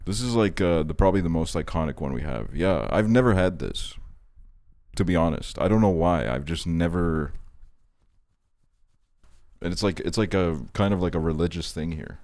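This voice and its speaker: A young man from Estonia chatting casually on a stream, rambling and profane, telling animated stories. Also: low-pitched.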